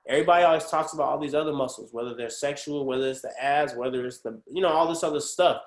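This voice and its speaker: A man from the Pacific Northwest of the US, an actor speaking as a guest in a casual webinar interview, animated and slangy. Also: fairly high pitch, fast talker. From Portland, Oregon, USA. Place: video call. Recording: roomy echo.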